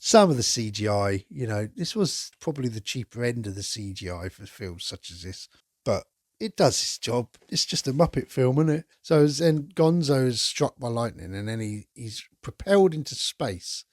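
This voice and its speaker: A man's voice: mid-range voice, expressive, normal speed, no room sound. Guy on his podcast, gushing about a movie, laid back and chatty, dry close sound. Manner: enthusiastic, chatty, swears casually. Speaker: podcast host. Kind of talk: casual film review monologue.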